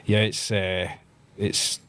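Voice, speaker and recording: A Glaswegian man in his thirties, a pro wrestler, chatting as a guest and telling animated stories with plenty of swearing. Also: low-pitched, slow, clean tone. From Scotland. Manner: animated storyteller, swears, acts out voices in anecdotes. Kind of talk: casual storytelling chat.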